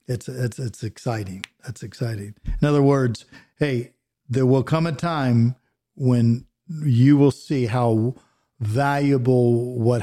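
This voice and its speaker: A man, a pastor and podcast co-host, teaching a Bible passage verse by verse in an earnest preaching manner that drops to a hush on solemn points. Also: mid-range voice.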